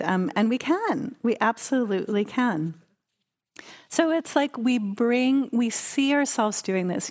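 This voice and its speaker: A woman meditation teacher giving a dharma talk at a retreat, conversational and playful as she tells stories. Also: mid-range voice. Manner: conversational, warm, playful storytelling.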